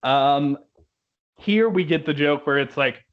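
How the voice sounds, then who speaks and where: A man's voice: fairly high pitch, slow pace. A young man reviewing a musical in casual chat, laughing often and quoting lines in put-on voices. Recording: dull lo-fi recording.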